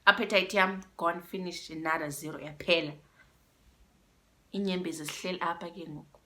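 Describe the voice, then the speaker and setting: A young South African woman with a South African accent telling a storytime vlog, animated and switching between English and isiXhosa phrases. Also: fairly low pitch, fairly quick, long pauses. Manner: animated, mixes in isiXhosa phrases, addresses viewers as guys. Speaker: YouTuber.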